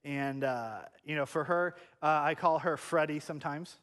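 Pastor guy preaching, high voice, goes quiet then big and loud, long church echo. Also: moderate pace. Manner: animated preaching, swings from hushed to loud. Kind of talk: sermon. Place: church sanctuary.

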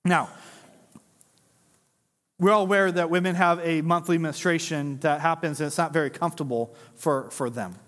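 A man preaching a sermon in a lively, conversational way, joking with the congregation and acting out quotes. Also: a little high, moderate pace, pauses often, in a large hall. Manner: animated, conversational preaching with jokes and acted-out quotes. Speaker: pastor.

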